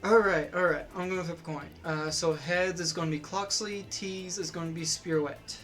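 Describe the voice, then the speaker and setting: A game streamer giving casual let's-play commentary, chatty and excitable, thinking aloud while playing. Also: mid-range voice, moderate pace. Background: faint game music.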